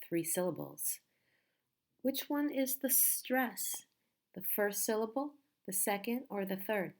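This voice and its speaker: A woman teaching a pronunciation lesson, speaking slowly and patiently and repeating each word carefully. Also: mid-range voice, lively intonation.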